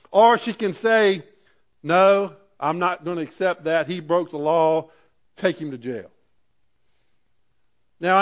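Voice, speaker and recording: A man's voice: high-pitched, fairly bright tone. A man preaching a sermon in a conversational way, building to emphatic peaks. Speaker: pastor.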